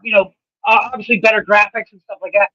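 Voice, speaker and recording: Podcast cohost guy, really high voice, chill and offhand, dull lo-fi mic sound. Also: flat delivery, fast talker, sharp tone, dry recording. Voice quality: high voice, self-described as sounding like a little girl. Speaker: podcast co-host. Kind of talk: casual comedy podcast banter.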